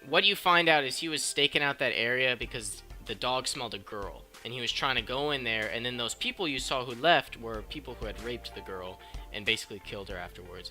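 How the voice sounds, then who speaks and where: Young man, casual movie-review vlogger; profane and excitable, tense bright tone, faint music behind. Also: medium pitch.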